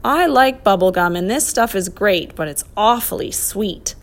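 A woman's voice: mid-range voice, expressive, moderate pace, natural voice. A woman voicing an eager young boy with a chatty tone, in a storybook reading. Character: young boy, brother, easily awed.

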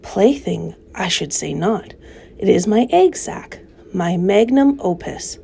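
A woman voicing a wise, tired female spider who speaks softly and slowly in a storybook reading. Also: medium pitch, lively intonation, creaky, a little hiss or hum. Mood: weary. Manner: soft, slow and subdued.

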